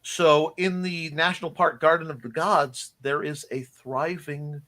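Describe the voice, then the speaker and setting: A man hosting a live-streamed morning show, with a slightly higher voice. He rambles enthusiastically through casual chat, restarting sentences and laughing often. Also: fairly even intonation, a little slow, sharp tone.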